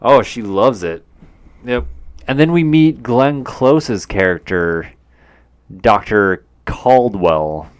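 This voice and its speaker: Slow, low-voiced man on a podcast. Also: lively intonation, clean tone, no room sound. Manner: unhurried, with many short agreeing replies. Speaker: podcast co-host. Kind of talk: casual movie recap chat.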